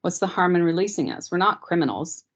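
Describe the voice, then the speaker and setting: A woman's voice: on the low side, animated, fast talker, creaky. A woman reading aloud, voicing a frightened young mother who pleads with a shaky voice, on dull lo-fi meeting audio. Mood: pleading.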